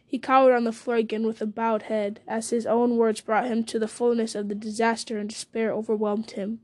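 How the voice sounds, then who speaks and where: A woman giving a measured, storytelling reading of a fantasy novel. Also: fairly high pitch, flat delivery, darkish tone. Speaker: audiobook reader.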